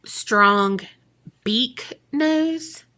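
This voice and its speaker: Slow, bright-voiced woman storyteller. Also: on the high side, expressive. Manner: casual, profane, laughs often. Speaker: podcast co-host. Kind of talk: casual storytelling chat.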